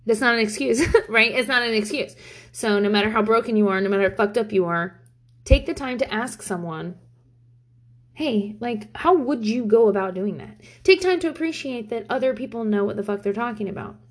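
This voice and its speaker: In her thirties, this parent vlogger talks casually to camera in a fairly quick, high-leaning voice. She's candid and profane, rambling along with plenty of fillers.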